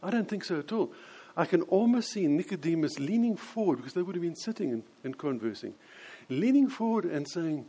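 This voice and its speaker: A man preaching a sermon, explaining scripture and acting out quoted voices with lively changes. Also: on the high side, a little fast, breathy edge. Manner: animated, acts out quoted voices.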